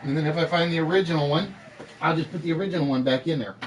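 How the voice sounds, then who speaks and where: Hosting an online game show, this man races along in a higher-pitched voice over slight background noise. It's casual live-stream chat: he rambles, talks to his viewers and keeps correcting himself.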